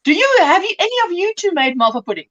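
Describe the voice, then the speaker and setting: A chatty South African woman hosts a relaxed crafting livestream, greeting viewers one by one. Her voice sits high and moves around a lot. The sound is a little dull and lo-fi. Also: fast talker. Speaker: livestream host. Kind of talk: casual chat on a crafting livestream.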